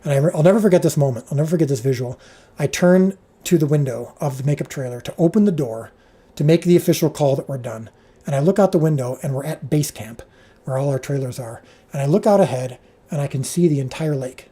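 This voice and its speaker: A man with a slightly high, husky voice tells a lively behind-the-scenes story on a livestream. His tone stays mellow and soft-edged. He stumbles and restarts often, and his pitch jumps when he quotes the crew. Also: fast talker. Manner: animated anecdote, jumps up in pitch when quoting people; frequent restarts and filler words. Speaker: show creator and director.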